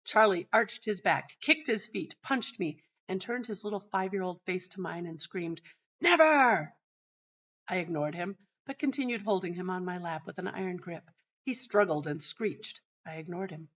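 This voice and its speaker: A middle-aged woman hosting a teaching show, telling a personal story in a calm, measured way. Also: lowish voice. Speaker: host and teacher. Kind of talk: narrating a personal teaching anecdote. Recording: dull lo-fi sound.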